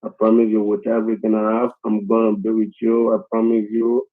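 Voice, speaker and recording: A man pleading over a tinny phone line, his voice fairly low and flat. He talks in broken English and piles up the same reassurances again and again. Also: a little fast. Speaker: phone scammer.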